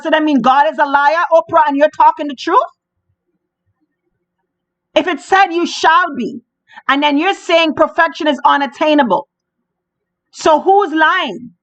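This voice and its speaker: A woman hosting a podcast, delivering religious commentary in an emphatic, preachy way and repeating phrases for stress. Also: high-pitched. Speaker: podcast host. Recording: dull lo-fi sound.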